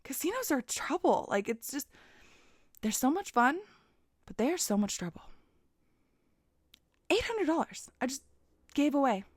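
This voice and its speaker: Animated young woman telling a wild story. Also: sits high, unhurried, long pauses, no echo, studio quality. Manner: animated, laughing, swearing, acts out quoted voices. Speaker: host telling a personal story. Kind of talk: casual storytelling.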